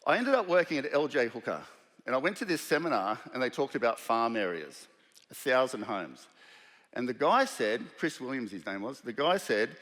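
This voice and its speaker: An Australian man tells a personal story to a conference crowd with animated, conversational energy, slipping into the voices of the people he describes. His voice sits at an ordinary middle pitch. The sound carries a long reverb from a large hall. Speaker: keynote speaker. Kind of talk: storytelling talk to a live audience.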